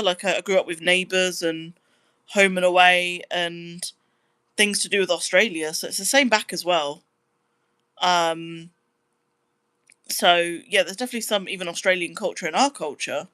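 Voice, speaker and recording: Reading out viewer comments on her livestream, this young British musician sounds chatty and upbeat, letting out high squeals when something surprises her. The voice is a bit bright and free of echo.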